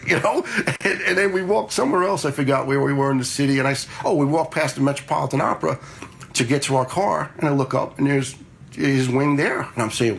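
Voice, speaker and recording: A retired fire lieutenant in his forties tells stories casually and bluntly, quoting himself as he goes. His voice is fairly high-pitched, a little fast, and creaky.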